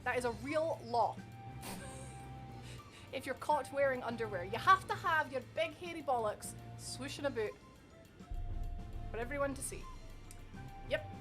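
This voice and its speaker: A woman's voice: high-pitched, lively intonation, moderate pace, long pauses, over music. A woman streaming a game live, chatting casually with viewers, giggling and cooing to her dog.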